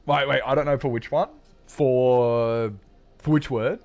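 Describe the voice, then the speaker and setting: A man chatting casually on a live game stream, rambling and joking, with sudden high, excited greetings. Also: a little slow, soft background music.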